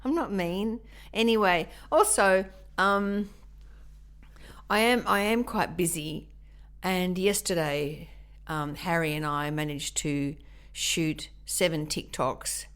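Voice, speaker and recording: A woman's voice: lowish voice, slow pace, smooth. A woman chats casually as a podcast co-host. She tells everyday stories in long, rambling runs, piling one small event onto the next. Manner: rambling, animated storytelling. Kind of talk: casual chat.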